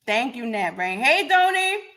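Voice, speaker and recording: A raspy woman, getting over a cold, hosting a live podcast and talking bluntly to commenters by name. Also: a little high, big pitch swings, a little slow, sharp tone. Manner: blunt, confrontational, addresses chat by name. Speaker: podcast host. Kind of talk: live-stream talk to commenters.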